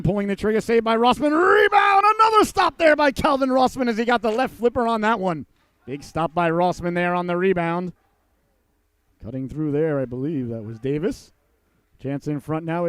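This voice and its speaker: Dry, high-voiced hockey play-by-play man. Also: clear, resonant tone, no echo. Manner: folksy and joking, erupts into shouts on goals. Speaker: play-by-play commentator. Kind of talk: youth hockey play-by-play commentary.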